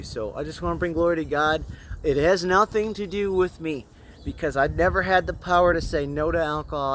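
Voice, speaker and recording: A man's voice: fairly high pitch, slight background noise. Earnest man giving a faith testimony. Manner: earnest, casual, halting. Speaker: testimony speaker.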